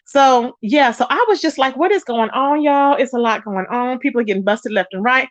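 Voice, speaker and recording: A woman hosting a casual gossip livestream, chatty and animated, greeting viewers in the chat by name. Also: moderate pace, no room sound. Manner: animated, pitch jumps up when excited. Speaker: live-stream gossip host. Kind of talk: casual live-stream chat. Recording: dull lo-fi sound, dry.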